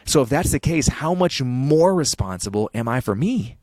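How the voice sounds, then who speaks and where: A man's voice: medium pitch, lively intonation, moderate pace, darkish tone, dry recording, studio quality. A man in his thirties, a podcast guest talking in an earnest, reflective way with frequent restarts. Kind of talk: podcast conversation.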